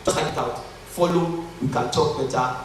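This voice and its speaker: A man's voice: on the high side, normal speed, slight background noise. A man with a Nigerian accent giving a motivational conference talk, joking and earnest by turns, heard from a distance in a large hall. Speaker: conference speaker. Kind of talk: motivational talk to a live audience. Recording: echoey hall from far off.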